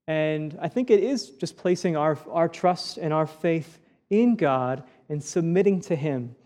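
A man's voice: fairly high pitch, animated, measured pace, dark tone. A man preaching a sermon as a pastor, first reading a psalm aloud, then explaining it in an earnest teaching manner with frequent restarts. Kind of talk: scripture reading.

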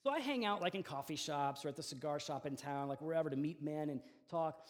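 A man's voice: a little high, fairly quick. A man in his forties preaching a sermon as pastor, telling stories in a conversational way with fillers and restarts.

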